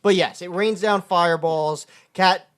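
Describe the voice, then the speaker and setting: A man with a notably high voice talks about a film on a podcast. He explains at length in a casual way. His remarks turn dry and sarcastic. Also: fairly even intonation, fairly bright tone, smooth. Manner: sarcastic, swearing, drawn-out explanations. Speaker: podcast co-host. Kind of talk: casual movie discussion.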